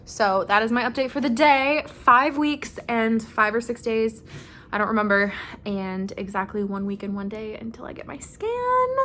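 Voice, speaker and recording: A young woman chatting casually on a phone camera at home, giggly and full of fillers, at times dropping to a soft murmur. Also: a little high, sing-song, normal speed, slight background noise. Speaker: vlogger. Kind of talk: casual vlog chat.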